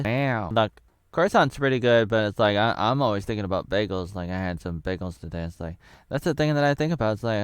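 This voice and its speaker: A man in his thirties chats through a movie review in a rambling, offhand way. His voice is smooth and resonant, and the recording is dry, with no room sound. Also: on the low side, a little fast, no echo. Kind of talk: casual spoken movie review.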